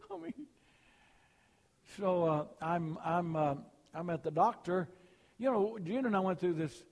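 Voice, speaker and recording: An older man preaching a sermon, telling folksy personal stories and rising high and loud for punchlines. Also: big-room sound.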